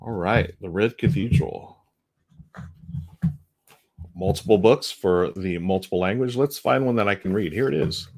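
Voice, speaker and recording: A man's voice: lowish voice, unhurried, pauses often, darkish tone. A man hosting a casual live-stream, chatting to viewers while unboxing board games, rambling with restarts. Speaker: board game streamer and host.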